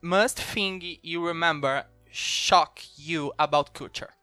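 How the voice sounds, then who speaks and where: Bright, slightly high Brazilian man. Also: takes it slowly, clean tone, no echo, faint music behind. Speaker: podcast host. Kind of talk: interviewing in casual chat.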